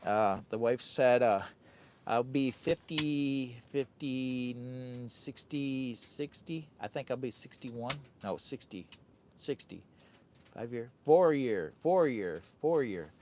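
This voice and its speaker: A man's voice: mid-range voice, a little mellow, a little hiss or hum. Hyper Midwestern man in his fifties. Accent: Midwestern American. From United States. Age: 50s. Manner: hyper, fast-rattling, jokey, sing-song asides. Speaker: camping vlogger and live streamer. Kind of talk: rambling live stream chat. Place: tent with a stove on a windy day, outdoors.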